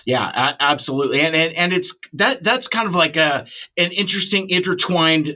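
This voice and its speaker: A man's voice: a little high, fairly quick. A man hosting a podcast interview, speaking reflectively with frequent restarts. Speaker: podcast host. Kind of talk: casual interview. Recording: tinny phone-like line.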